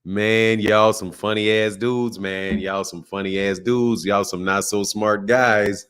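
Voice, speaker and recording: A man's voice: lowish voice, fairly even intonation, takes it slowly, clean tone. A man hosting a casual boxing livestream, greeting chatters by name, talking loose and slangy with plenty of laughter and cursing. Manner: loose, laughing banter, shouting out chat names; slangy, profane, mocking.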